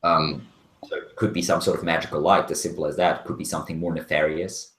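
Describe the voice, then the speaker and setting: Game master, male, very low voice, halting descriptive narration in an echoey room. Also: little pitch movement, a bit bright. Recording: roomy echo.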